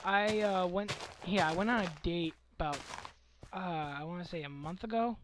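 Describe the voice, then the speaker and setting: A man's voice: high-pitched, moderate pace. Scratchy-voiced young man ranting casually. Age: young adult. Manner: rambling, ranting, self-correcting. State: hoarse, coming down with a cold. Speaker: let's play commentator. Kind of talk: casual rambling game commentary. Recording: faint background noise.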